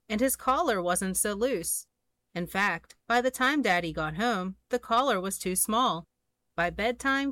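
A woman reading a children's storybook aloud in a gentle, expressive way, recorded close and dry. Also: mid-range voice, dry recording. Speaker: storybook reader.

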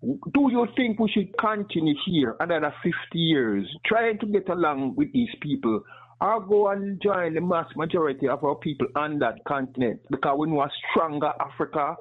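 A man's voice: a little high, animated, moderate pace, breathy edge. A man with a noticeable accent calling in over the phone, asking a question with passion. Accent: non-American accent. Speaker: caller. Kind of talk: call-in question. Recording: tinny phone line.

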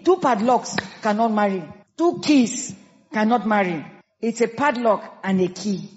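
High-voiced Nigerian preacher in a reverberant hall. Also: female voice. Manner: emphatic, lively preaching with quoted asides. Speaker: pastor. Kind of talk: sermon. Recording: dull sound with long hall reverb.

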